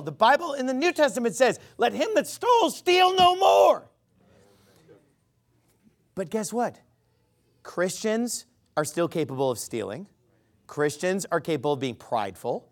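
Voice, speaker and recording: A man preaching a sermon, emphatic, quizzing the crowd with rhetorical questions. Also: high-pitched.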